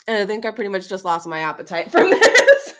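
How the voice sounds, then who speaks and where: A woman's voice: mid-range voice, a bit bright. A woman hosting a casual livestream, chatting to her viewers and laughing often. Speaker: livestream host.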